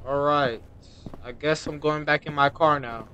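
Young male streamer, bright tense tone, raised voice, jittery horror-game commentary full of "bro.". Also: steady tone, unhurried, highs cut off, a little hiss or hum. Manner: jumpy, repeats himself, breaks into high-pitched yelps when scared; casual slang, says "bro". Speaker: gaming streamer.

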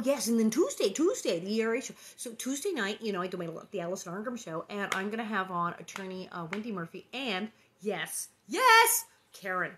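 A woman's voice: mid-range voice, a bit bright. Chatty, rambling woman host. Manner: chatty and rambling, with many fillers and quick laughs. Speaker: host reading a book aloud online. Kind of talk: casual chat between readings.

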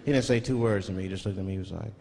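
A man with a lowish voice talks very fast on a comedy stage in front of a live audience, his voice carrying the sound of a big room. He performs a stand-up routine, animated and slipping into mock voices as he tells stories. The live recording picks up the crowd and noise.

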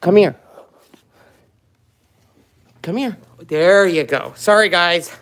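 A woman's voice: on the low side, slow pace. A woman vlogger in casual chat, cooing in baby talk at puppies.

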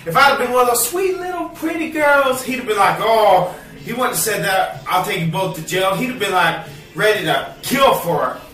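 A man ranting to the camera at home in a bitter, profane vlog, now and then bursting into shouts. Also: high-pitched, expressive, normal speed, echoey room, far from the mic. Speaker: vlogger. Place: cluttered home, indoors.

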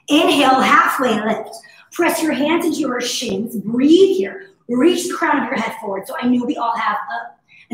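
A woman fitness instructor with a hoarse, husky voice, cueing breaths and moves in a casual, encouraging live workout class. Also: on the high side, a bit bright. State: hoarse from overuse. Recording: very echoey room.

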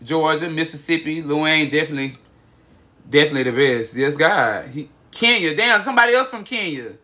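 A young man hosts a casual livestream, reading out viewers' cities and chatting in an excitable, profane, drawling way, calling everyone baby and girl, into a phone mic. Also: a little high, a little fast. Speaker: livestream host.

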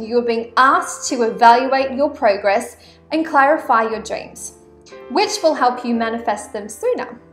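A woman's voice: high voice, roomy sound. An Australian woman vlogging casually as she reads oracle cards, chatty and rambling with frequent "um" and "like" asides. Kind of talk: casual vlog with oracle card reading.

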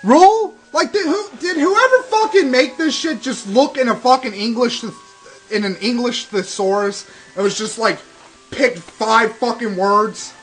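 A man's voice: extremely high pitch, a little slow, a bit bright, low-quality recording. A young man doing profane, sarcastic let's play commentary, ranting and swearing constantly. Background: game music.

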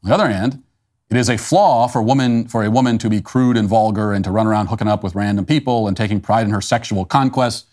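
Blunt, low-voiced male commentator. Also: fast talker, a little mellow. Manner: blunt, emphatic, scornful. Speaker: host. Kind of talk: opinion commentary monologue.

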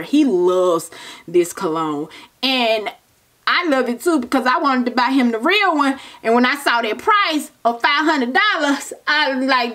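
Animated yet measured, a young woman with a slightly high, somewhat bright voice talks to her viewers during a haul vlog. Tired but chatty, she keeps calling them "baby" and "child."

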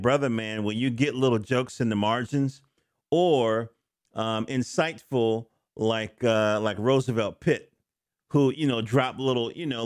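A man's voice: mid-range voice, no room sound, studio quality. A middle-aged man casually reviewing a comic book, rambling with joking asides and self-corrections. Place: home studio.

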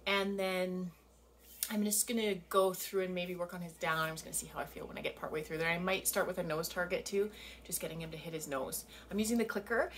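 A woman's voice: fairly low pitch, fairly quick, a little hiss or hum. Woman dog trainer explaining, distant and roomy. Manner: relaxed, explains step by step while working. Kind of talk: casual hands-on training demonstration. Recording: roomy, distant sound with faint ambience.

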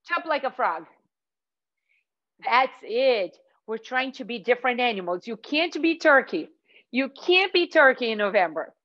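A young woman leads a children's yoga class with a high, very animated, sing-song voice. She speaks slowly and clearly, with playful energy. The audio is dull and lo-fi. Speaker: kids' yoga teacher.

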